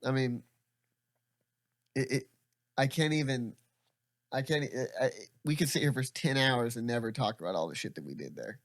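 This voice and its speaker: A man's voice: medium pitch, moderate pace, long pauses, dry recording, studio quality. A young man hosting a podcast, telling stories in casual chat, rambling with lots of laughs and swearing. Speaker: podcast host.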